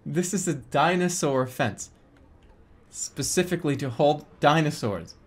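Male streamer, live gaming commentary, excitable, laughs a lot, high voice. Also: a little slow, slightly rough. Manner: excitable, laughs often, animated exclamations.

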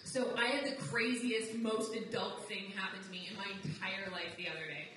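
A young woman from abroad performing live stand-up comedy, wry and conversational, jumping into high mocking voices when she quotes people. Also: fairly even intonation, normal speed, fairly bright tone. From outside the United States. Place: live comedy venue with audience. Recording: roomy live recording from a distance, noisy.

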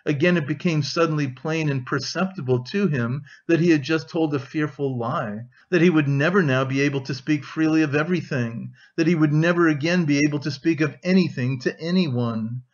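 A man narrating an audiobook of a classic novel in steady, even scripted storytelling. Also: a little high, a little fast, hardly any pauses, dull audio.

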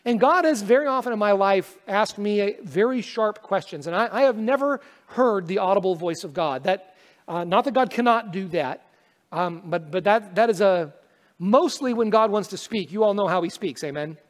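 A man's voice: high-pitched, animated, moderate pace. A male pastor praying and then preaching a sermon in an earnest, conversational way, with self-deprecating humor. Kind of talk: sermon with prayer. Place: church sanctuary. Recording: long reverb of a church hall.

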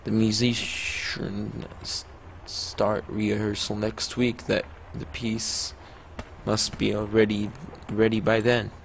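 A man voicing an apologetic mentor figure, reading the game dialogue slowly in his own voice. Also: on the low side, level tone, gravelly, a little hiss or hum.

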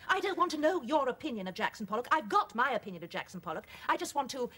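An actress playing a dry, wry middle-aged wife in a 1980s sitcom. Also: female voice, sits high, big pitch swings, quick pace, a bit bright, husky, exaggerated voice. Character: wry, patient English wife studying.

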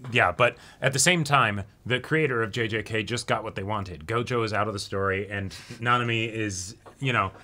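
A man co-hosting a casual anime reaction chat, quick to chime in with agreement and his own theories. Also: fairly low pitch, sharp tone. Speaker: co-host.

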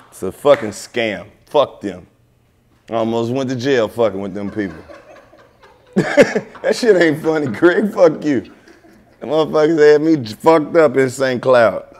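Man, comedy host, middle pitch, brash, profane, drawn-out emphasis. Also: a little mellow. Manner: brash storytelling, heavy cursing, drawn-out emphasis. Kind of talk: casual profane banter. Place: living room set.

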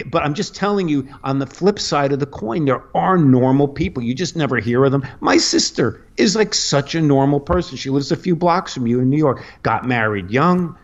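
Rambling male comic on lo-fi radio. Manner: digressive, with frequent restarts and sudden pitch jumps. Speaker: comedian guest. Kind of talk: rambling anecdotal storytelling. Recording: lo-fi radio studio audio.

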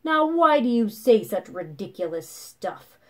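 A woman voicing a big male bear with a terribly gruff, scoffing voice in a storybook reading. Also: fairly high pitch, sing-song, unhurried, fairly bright tone. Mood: scornful. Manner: scoffing, dismissive.

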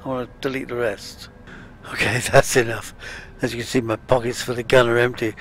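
A man's voice: medium pitch, flat delivery, a little fast, a bit bright, slight background noise. A man giving casual, chatty let's-play commentary, muttering to himself as he plays. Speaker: gaming channel host.

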